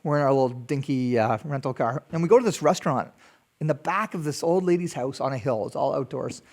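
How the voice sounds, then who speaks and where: A man hosting a podcast, telling a story in a chatty, animated way with small laughs. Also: medium pitch, fairly quick. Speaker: podcast host. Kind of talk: casual storytelling.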